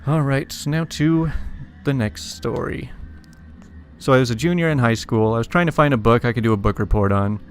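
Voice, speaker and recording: A man with a mid-range voice reads funny internet stories aloud at a normal speed, casually chuckling and tossing in wry asides between them. Faint music plays in the background.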